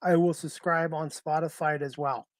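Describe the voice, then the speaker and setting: A man's voice: fairly high pitch, steady tone, no room sound. Polite male talk show host, dry sound. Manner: polite, halting questions with "uh". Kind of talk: live-streamed talk show interview.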